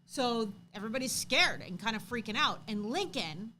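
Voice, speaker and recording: A woman in her thirties co-hosts a casual livestream chat. Her voice is bright and pitched a little high. She tells stories with animated energy and gets loud when she acts out what people said. A faint hiss runs behind her. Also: moderate pace. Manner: animated storytelling, acts out quotes loudly. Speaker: co-host.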